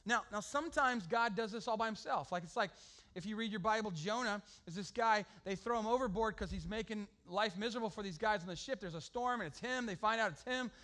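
Give me an animated pastor with a bright, ringing tone, cracking jokes mid-sermon. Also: male voice, sits high, fairly quick. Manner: animated, joking asides to the congregation.

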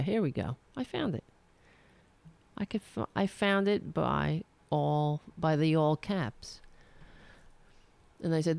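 A woman's voice: low voice, vocal fry, no room sound. A woman delivering a heated, sarcastic, profane political rant, speaking for herself. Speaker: political commentator.

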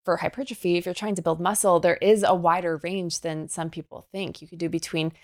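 A woman's voice: fairly low pitch, steady tone, fairly quick, a little mellow. A woman fitness trainer, a young adult, explaining exercises as a guest in a podcast interview, upbeat and coaching in tone.

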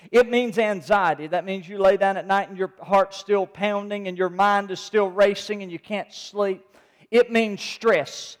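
A man's voice: high-pitched, big-room sound. A man pastor delivering a sermon in a church, reading scripture and then preaching with emphatic, rhetorical repetition. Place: church sanctuary.

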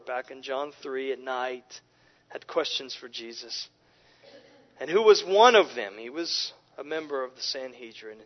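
Animated preacher man, lo-fi recording. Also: on the high side. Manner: animated, repeats words as he restarts. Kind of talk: expository sermon. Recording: lo-fi dull recording.

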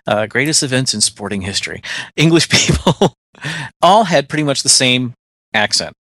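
An American man with a mid-range voice chats through a podcast, talkative and quick to laugh. The sound is dry and close. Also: medium pitch, sing-song, fairly bright tone, dry recording. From United States. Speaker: podcast co-host. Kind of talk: casual chat.

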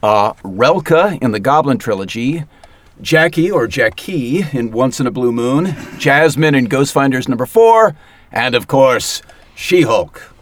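A man's voice: medium pitch, animated, measured pace, dry recording. A man hosting a studio podcast in a casual, hesitant way, with chuckles. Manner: hesitant, many fillers and restarts, chuckles. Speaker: podcast host. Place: recording studio.

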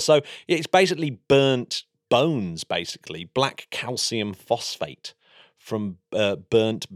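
A man's voice: medium pitch, animated, slow, dry recording, studio quality. An English man talking enthusiastically in a casual science chat, explaining space engineering as a podcast co-host. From England.

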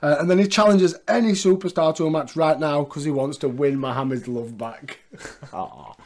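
A man co-hosting a podcast recaps wrestling in casual chat, speaking at normal speed with a fairly high pitch and a darkish tone. He laughs often and quotes lines in put-on voices.

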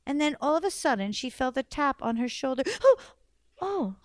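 Expressive woman telling a folktale. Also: sits high, brisk, dry recording, studio quality. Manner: expressive, lively, varies volume for drama. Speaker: storyteller. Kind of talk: oral folktale storytelling.

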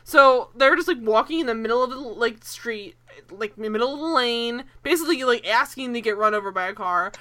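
A woman co-hosting a casual TV recap podcast, animated and laughing, swearing freely. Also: fairly high pitch, fairly quick. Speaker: podcast co-host.

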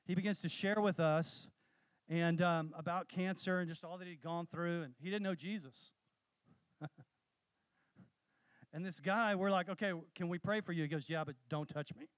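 A man preaching a sermon, telling stories with animated, rising emphasis. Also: sits high, moderate pace, pauses often, clear, resonant tone, no echo, dull audio. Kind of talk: sermon with storytelling.

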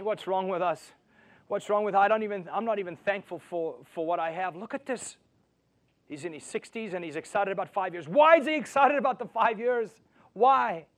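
High-voiced preacher swinging loud to hushed. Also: male voice. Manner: asks the audience rhetorical questions. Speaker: pastor. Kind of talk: sermon.

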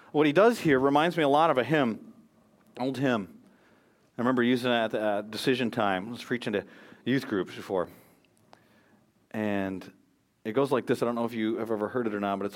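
A man's voice: medium pitch, fairly quick. An American man preaching a sermon as pastor, earnest and emphatic, quoting scripture and speeches.

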